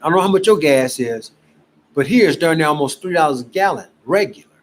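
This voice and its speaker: A man from Cleveland, Ohio, giving an emphatic, exasperated casual pitch about gold and prices. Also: quick pace, slight background noise, rough recording. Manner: emphatic, exasperated, animated preaching. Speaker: gold promoter. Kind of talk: casual selling pitch to camera.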